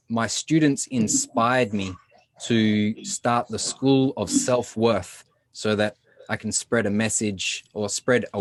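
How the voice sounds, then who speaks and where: An Australian man speaks to a live audience in an upbeat, engaging way. His voice sits at an ordinary middle pitch. The sound is dry and close, with little room echo. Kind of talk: motivational talk.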